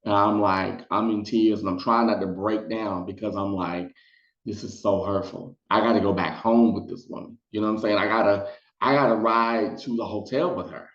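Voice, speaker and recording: Animated man telling a story, roomy. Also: normal speed. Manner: animated, acts out quotes in high voices. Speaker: storytime vlogger. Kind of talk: casual storytelling. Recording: roomy, dull lo-fi sound.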